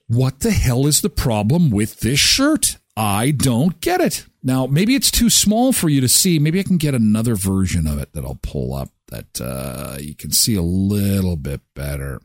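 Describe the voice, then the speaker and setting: Man, middle-aged, show host, casual joking chat, very lively pitch, dry room. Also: moderate pace, no echo. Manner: animated, jokey, self-deprecating. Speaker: host of a live daily show.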